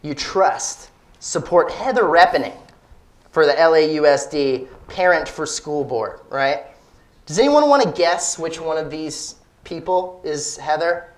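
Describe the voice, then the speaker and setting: Woman comic host, ironic and quick to laugh, live on stage. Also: low-pitched, lively intonation. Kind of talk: live comedy panel chat. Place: small stage before a live audience.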